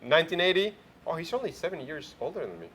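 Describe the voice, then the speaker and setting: A man's voice: a little high, sing-song, fast talker, fairly bright tone. A man hosting a morning show in casual chat, playfully quizzing his co-host.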